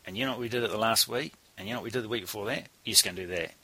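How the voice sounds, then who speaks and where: Cast a rapid-fire, sharp-voiced New man in his forties, a blunt swearing coach. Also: lowish voice, slightly rough. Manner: blunt, salty storyteller, swears freely. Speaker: cycling coach. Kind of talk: casual anecdote in conversation.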